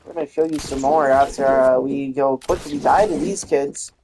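Low-voiced woman ranting over gameplay. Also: steady tone, moderate pace, noisy background. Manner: frustrated ranting, heavy swearing. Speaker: gaming channel host. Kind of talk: gameplay commentary.

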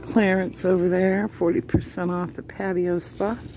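A woman's voice: on the low side, level tone, measured pace, warm tone, slight background noise. A woman chatting casually to viewers while shopping, often chuckling, filmed on a handheld phone inside a large store. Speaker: shopping vlogger. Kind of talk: casual running commentary.

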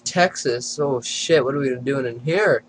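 A man's voice: medium pitch, a little slow, slight background noise. A man hosting a casual prank video chat, giggling and teasing strangers on camera. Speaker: channel host.

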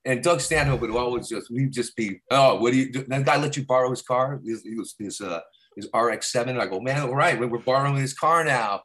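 A man's voice: mid-range voice, fairly quick. A middle-aged stand-up comedian from Arizona talks through his old road stories in loose, rambling fashion. He has a mid-range male voice and trails off and restarts as he remembers. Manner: rambling, slips into loud character voices for quotes. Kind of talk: casual storytelling interview.

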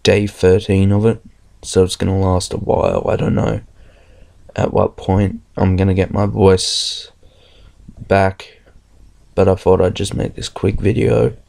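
A sick young man, a gaming channel host, gives a channel update from his bed in his bedroom, his voice nearly gone. It's deep and warm with vocal fry. He rambles hesitantly, filling the gaps with lots of ums.

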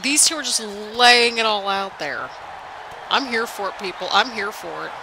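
Over crowd and background noise, a young woman with an animated, mid-range voice speaks at normal speed. She hosts a gaming channel, rambling chattily and laughing often while commenting casually on a wrestling game.

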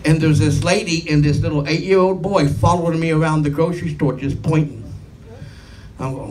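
Stand-up comic, middle-aged man, somewhat high voice, deadpan rambling delivery, mic a little far with faint noise. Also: fairly quick. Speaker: stand-up comedian. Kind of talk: stand-up comedy set.

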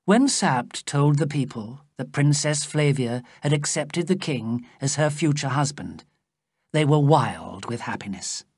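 A storyteller reading a graded novel for English learners, slowly and with a lively, rising and falling delivery. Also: mid-range voice, slightly rough, no room sound, clean studio sound.

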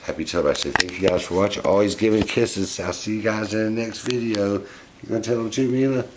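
A middle-aged man talking fondly and gently to his pet monkeys in a casual home vlog. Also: lowish voice, fairly quick, reverberant, noisy background. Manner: gentle, doting, chuckling baby talk to pets.

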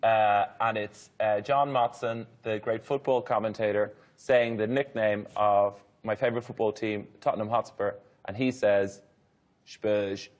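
A man's voice: fairly low pitch, steady tone, normal speed, hardly any pauses. A man guesting on a comedy panel show, telling dry jokes. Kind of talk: comedic banter. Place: TV studio with audience.

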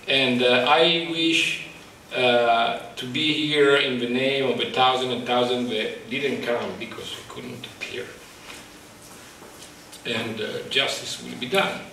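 A male photographer speaking about his exhibit in a halting, passionate way, searching for words, at a microphone. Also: mid-range voice, steady tone, bright, forceful tone, a little hiss or hum. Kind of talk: emotional public talk. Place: exhibit talk at a college, indoors. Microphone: microphone in front of him. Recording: echoey room, distant mic.

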